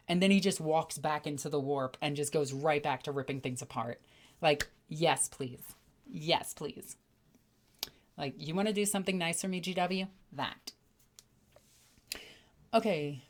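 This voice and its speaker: A woman with a slightly low voice chats on a home livestream, talking to her viewers. She tells stories with excitable, animated energy and sometimes acts out the people in them. Her delivery is loose and conversational, with quick bursts of speech. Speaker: streamer. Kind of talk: casual livestream chat.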